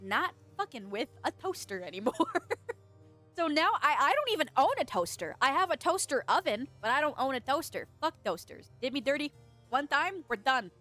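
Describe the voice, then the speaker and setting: A high-pitched woman streamer chatting with her audience, her voice leaping all over the place as she giggles and teases. She swears casually and sounds a little stuffy in the nose, close to her desk mic, with faint music under her. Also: big pitch swings, moderate pace, sharp tone. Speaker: streamer reading chat. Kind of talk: casual live-stream chat. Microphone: desk microphone.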